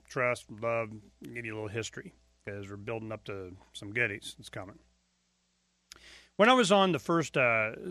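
A man's voice: medium pitch, bright, forceful tone, no echo. A man hosting a talk radio show, talking in a rambling, emphatic way with many fillers into a close studio mic. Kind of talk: casual talk radio monologue.

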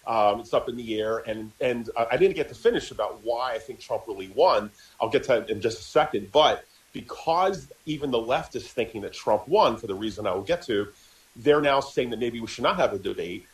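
A man's voice: medium pitch, lively intonation, fairly quick, low-quality recording. A man co-hosting a political talk radio show, arguing his point in casual talk while stammering and repeating words.

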